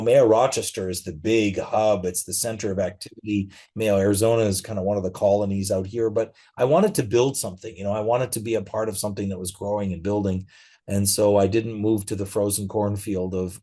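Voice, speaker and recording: Relaxed low-voiced man telling stories. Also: brisk. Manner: relaxed storytelling with frequent fillers. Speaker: interview guest, physician. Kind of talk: conversational interview.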